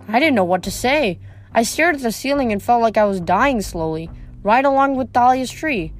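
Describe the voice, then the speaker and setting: A woman reads a novel aloud, her voice a little higher than most. She keeps a steady storytelling pace, with faint music underneath. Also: normal speed. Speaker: reader. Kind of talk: audiobook reading.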